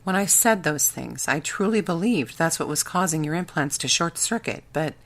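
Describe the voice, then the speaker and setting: Brief: loyal, defensive male tech scientist, voiced by a woman narrator, low audiobook read. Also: expressive, moderate pace. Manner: explaining, defensive.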